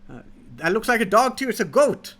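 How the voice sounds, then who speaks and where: A man's voice: high-pitched, sing-song, fast, fairly bright tone, voice pushed up, full character voice. A man voicing a stubborn old village man who keeps protesting in exasperation. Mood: indignant. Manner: indignant protesting.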